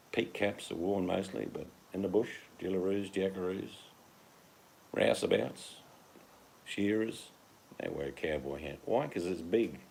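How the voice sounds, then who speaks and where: Australian bloke, very low gravelly voice, slangy and joking, faint background noise. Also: male voice, a little mellow. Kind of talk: casual rambling monologue.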